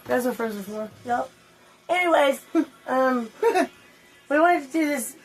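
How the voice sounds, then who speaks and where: A woman hosting a casual story time, rambling along with crude language and loose asides among her friends. Her voice sits a touch high. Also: lively intonation, a little slow, rough recording. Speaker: host.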